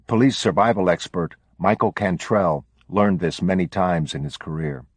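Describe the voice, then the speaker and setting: Deep, husky man reading aloud. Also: moderate pace, dry recording. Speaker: podcast host.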